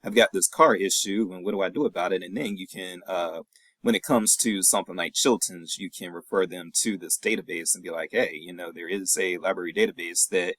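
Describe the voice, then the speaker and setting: A man who is a professor giving a recorded weekly check-in lecture to his class, in a relaxed, reassuring, chatty way with many fillers. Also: low-pitched, fairly quick, no room sound, low-quality recording.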